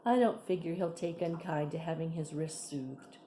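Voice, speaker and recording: Brief: a stern woman with a firm scolding tone, low and dark, as read aloud by a narrator. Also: moderate pace, slight background noise, lightly acted. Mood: plain. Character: stern woman giving a boy orders.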